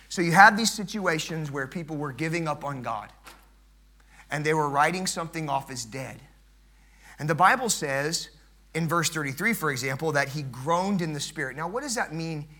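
A middle-aged man preaching a sermon as pastor, swinging from loud, emphatic build-ups to hushed, low passages.

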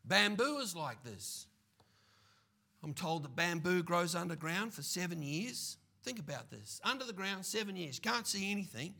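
A man preaching a sermon as pastor, animated and full of playful asides. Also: high-pitched, normal speed, vocal fry.

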